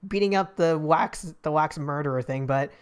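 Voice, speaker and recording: A woman streaming a game, making excitable, laughing asides between dialogue lines. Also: sits low, normal speed, clean tone. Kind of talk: casual game-stream commentary. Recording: game music playing underneath. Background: game music.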